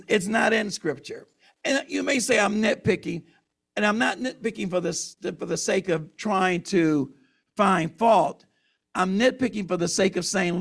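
A man's voice: high voice, gravelly. A man preaching a sermon in an earnest, emotional, emphatic way.

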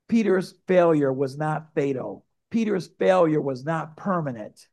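A male pastor preaching a sermon, telling a story in a lively way and speaking straight to the congregation. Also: on the high side, measured pace, creaky, hardly any pauses.

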